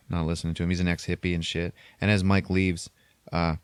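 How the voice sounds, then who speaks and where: A man hosting a podcast, casually recapping a movie with animated storytelling. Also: low-pitched, normal speed, clean tone, dry recording. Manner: animated storytelling, frequent laughter. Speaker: podcast host.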